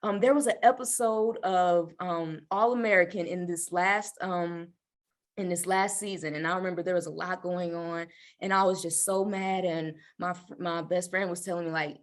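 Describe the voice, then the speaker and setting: A woman's voice: on the low side, fairly even intonation, moderate pace. A woman panelist speaking fervently on a video call, rambling with lots of fillers. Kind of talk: impassioned casual talk.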